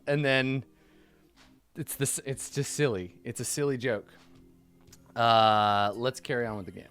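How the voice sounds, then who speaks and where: A man's voice: medium pitch, a little slow, long pauses, a bit bright, no room sound, soft background music. A young man casually commenting on a game he is playing, joking and rambling with a self-mocking streak. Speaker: let's-play host.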